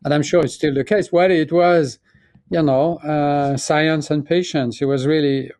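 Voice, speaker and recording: A man in his sixties from France with a French accent, speaking as an interview guest and telling his story in a reflective, halting way with many restarts. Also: on the high side, steady tone, darkish tone, no room sound. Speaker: guest, pharmaceutical chief executive. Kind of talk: conversational interview.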